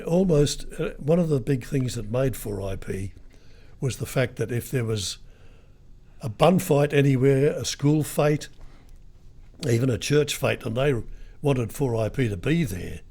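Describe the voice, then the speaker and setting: A man's voice: mid-range voice, lively intonation, unhurried, gravelly, pauses often, dark tone, slightly rough. An older Australian man, a retired radio broadcaster, telling rambling anecdotes in an interview. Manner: rambling storyteller, lots of ums and restarts.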